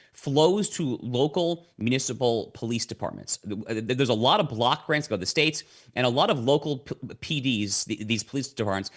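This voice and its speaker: A man with a mid-range, slightly bright voice speaks as a podcast guest. He explains things at length in a lecturing manner, repeating words as he begins his sentences, in an explanatory conversation.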